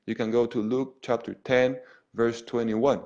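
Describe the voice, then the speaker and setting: An earnest male priest leads a spiritual lesson for an online group. His voice sits at an ordinary pitch for a man. He stops and restarts phrases, keeps asking "okay?", and swings between loud emphasis and near-hushed softness. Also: level tone, measured pace, highs cut off.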